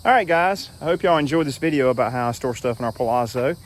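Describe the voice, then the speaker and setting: It's nighttime at a campsite, and a middle-aged RV-owning vlogger is casually showing off his RV on a handheld phone while crickets and insects chirp. His mid-range voice has lively intonation and a quick pace. He rambles in a folksy manner, dropping fillers often.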